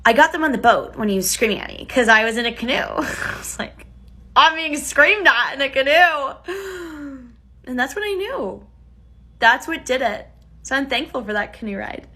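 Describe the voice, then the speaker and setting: A woman's voice: a little high, bright, forceful tone. A woman telling a casual story time in a wry, chatty way. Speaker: vlogger.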